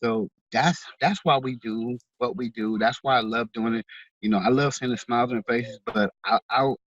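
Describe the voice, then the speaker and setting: A man's voice: medium pitch, moderate pace, a bit bright, dry recording, highs cut off. A man giving an interview, talking in an earnest, heartfelt way and often repeating words as he speaks. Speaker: author and veterans charity organizer. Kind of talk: interview guest.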